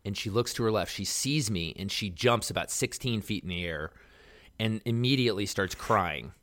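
A man's voice: on the low side, normal speed, fairly bright tone. A young man co-hosting a podcast, telling a story in a laid-back, slangy way. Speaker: podcast co-host. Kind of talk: casual chat storytelling. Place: Los Angeles.

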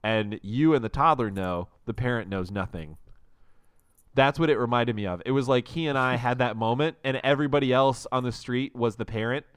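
A man co-hosting a casual podcast chat, animated and acting out the scenes he describes. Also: medium pitch, a little fast, clear, resonant tone, dry recording, studio quality.

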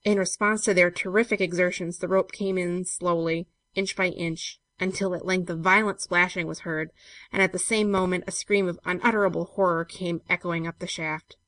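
A woman reading a classic story aloud in a measured, steady way. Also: lowish voice, no echo. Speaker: narrator.

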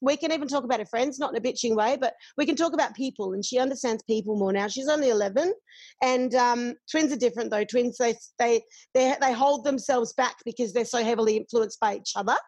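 Aussie woman talking frankly, high voice, swears a lot, dry close sound. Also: fast talker, a little mellow, no echo. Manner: candid, swears freely, laughs often. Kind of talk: casual chat.

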